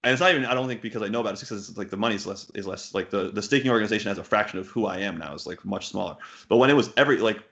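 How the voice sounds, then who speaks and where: Racing through his answers with vocal fry, a poker coach in his thirties speaks in a lowish, somewhat bright voice. The interview, recorded in muffled lo-fi sound, finds him blunt, casually profane, and full of fillers and restarts.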